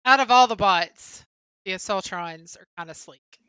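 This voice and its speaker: Young woman, stream co-host, bright, close dry sound, casual chat-reading, lots of "um". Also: medium pitch, normal speed, clean tone, no echo. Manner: chatty, answers chat names, frequent "um" fillers. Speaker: livestream co-host. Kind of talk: casual livestream chat, reading viewer comments.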